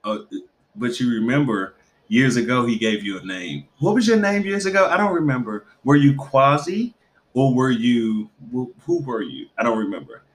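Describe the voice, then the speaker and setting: A man chatting casually, telling animated stories about his son with frequent laughter and profanity. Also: mid-range voice, moderate pace. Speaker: parent. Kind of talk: casual chat.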